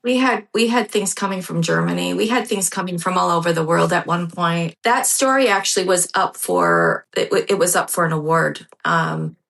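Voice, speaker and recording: A woman in her fifties, a podcast guest telling a personal story in a heartfelt, halting way. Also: lowish voice, animated, gravelly, fairly bright tone. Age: 50s. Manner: heartfelt, halting, repeats herself.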